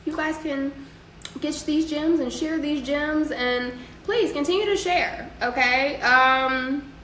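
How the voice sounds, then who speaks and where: A young woman with a high, slightly bright voice speaks slowly as she hosts a casual livestream. She reads comments from viewers and responds with loose, profane advice, in a room that echoes and carries faint ambient noise.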